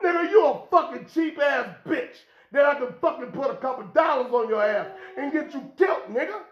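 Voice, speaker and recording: A man's voice: very high-pitched, expressive, fairly quick, highs cut off. A man hosting his own podcast, lecturing bluntly and profanely in an unscripted rant. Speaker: podcast host. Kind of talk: unscripted street-talk rant. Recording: echoey room.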